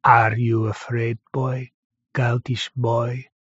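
A man voicing a menacing clay homunculus that speaks as an older man, in a rich melodic baritone with a thick foreign accent. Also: little pitch movement, takes it slowly, slightly rough, dry recording. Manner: taunting, interrogating. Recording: dry, slightly dull recording.

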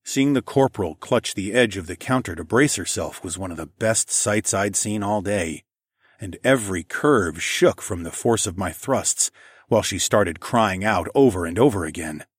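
A man narrating a first-person story in a steady, even storytelling voice. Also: fairly low pitch, normal speed, slightly rough, no echo, studio quality. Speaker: audiobook narrator.

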